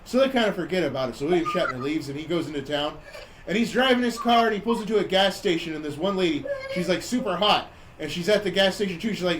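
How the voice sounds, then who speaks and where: Male podcast host, high voice, loose rambling storyteller who plays the quotes. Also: quick pace, a little hiss or hum. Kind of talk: casual chat, retelling a movie plot.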